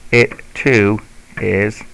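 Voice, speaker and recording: A man with a low, gravelly voice teaches a lesson. He explains patiently and slowly, step by step, like a teacher guiding parents and students. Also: fairly even intonation, a bit bright, a little hiss or hum, poor audio. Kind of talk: instructional lesson.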